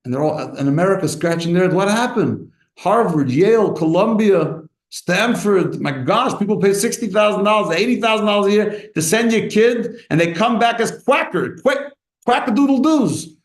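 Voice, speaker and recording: A man preaching as a rabbi, animated and impassioned, acting out short exchanges as he speaks. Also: high voice, normal speed, hardly any pauses. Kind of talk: sermon. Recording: echoey room.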